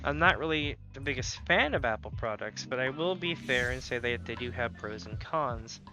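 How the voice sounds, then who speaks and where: A man's voice: mid-range voice, animated, moderate pace, over music. A man streaming a game live, chatting casually and telling rambling stories with jokey asides. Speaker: gaming streamer. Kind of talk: casual livestream chat while gaming.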